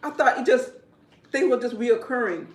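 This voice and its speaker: A woman's voice: on the high side, normal speed. Hairdresser lady telling a wild story, keeps repeating herself and cracking up, kinda far from the mic in an echoey room. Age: adult. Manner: animated, repetitive, breaks into laughter. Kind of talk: casual storytelling. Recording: roomy, from a distance.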